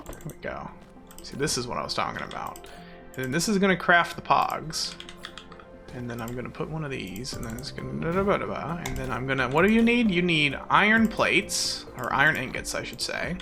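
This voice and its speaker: A man's voice: medium pitch, big pitch swings, fairly quick, gravelly, bright, forceful tone, soft background music. Rambling, goofy young male game streamer. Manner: rambling, self-mocking and goofy. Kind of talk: casual gameplay chatter.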